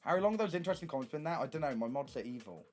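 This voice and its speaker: A young man streaming, telling stories in casual chat, animated and swearing often. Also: fairly high pitch, racing, over music.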